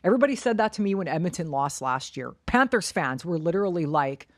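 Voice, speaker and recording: A woman's voice: on the low side, very animated, fast talker, dry recording, studio quality. A woman co-hosting a casual sports podcast, giving blunt, opinionated takes and swearing freely. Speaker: podcast co-host.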